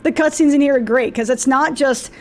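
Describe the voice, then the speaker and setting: A woman's voice: high voice, brisk. A woman streamer giving casual, chatty let's play commentary, swearing freely and sounding tired, over faint game music. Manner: chatty, swears a lot, says she is tired. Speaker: gameplay streamer.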